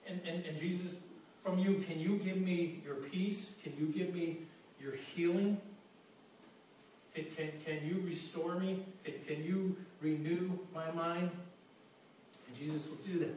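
This high-pitched, slightly mellow male voice belongs to a pastor preaching at a moderate pace. Earnest and conversational, he stammers through repetitions, captured distantly in an echoey room with a little hiss or hum.

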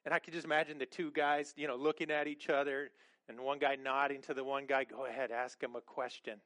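A middle-aged man preaching a sermon in an animated, conversational way, often repeating words and restarting his sentences. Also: medium pitch, brisk, no room sound. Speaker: pastor.

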